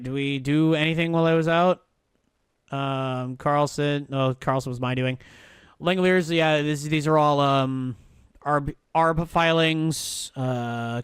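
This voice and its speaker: A man's voice: mid-range voice, fairly bright tone, clean tone, no echo, studio quality. Swearing man streaming a baseball game. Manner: swears freely, mutters and thinks aloud. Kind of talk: casual live-stream commentary.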